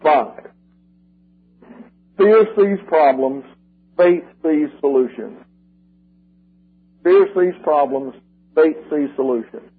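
An older man preaching a sermon, working through numbered points and repeating key slogans slowly and with emphasis, with a husky voice. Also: a little high. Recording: tinny lo-fi radio broadcast.

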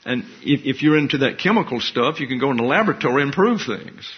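A man's voice: medium pitch, expressive, quick pace, slightly rough. A man pastor giving an expository sermon, teaching in a wry, conversational way with asides. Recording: dull lo-fi recording.

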